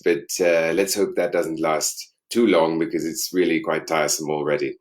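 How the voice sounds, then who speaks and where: Deep-voiced, dry, facetious Englishman. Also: flat delivery, normal speed. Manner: dry, self-mocking, facetious. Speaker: author on a live book event. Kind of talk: casual solo livestream chat. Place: at home.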